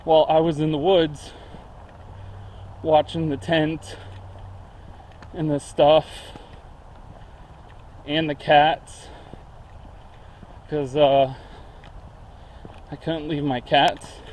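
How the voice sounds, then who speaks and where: Man, out of breath, slow casual vlog talk, lots of uhs, outdoors on a camera. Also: a little high, little pitch movement, a little mellow, slight background noise. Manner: rambling, many fillers. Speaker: vlogger. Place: outdoors in woods.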